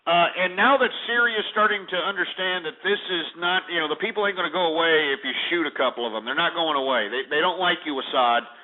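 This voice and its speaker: A man's voice: on the high side, fast talker, hardly any pauses. A man hosting a talk radio show, ranting in a sarcastic, insulting way. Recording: tinny phone-like audio.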